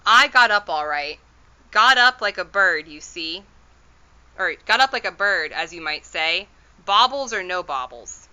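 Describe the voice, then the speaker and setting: A woman's voice: fairly low pitch, lively intonation, measured pace, pushed and bright, clean tone, dull audio, exaggerated voice. A woman voicing an elderly tiny borrower father who speaks in rustic, ungrammatical phrases in a storybook read-aloud. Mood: explaining. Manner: rustic ungrammatical speech, rambling and reassuring.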